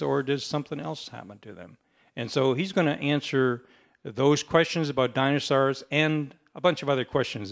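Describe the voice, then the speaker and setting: A man hosting an event, introducing the guest speaker in a relaxed way with frequent fillers. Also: medium pitch, vocal fry. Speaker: event host.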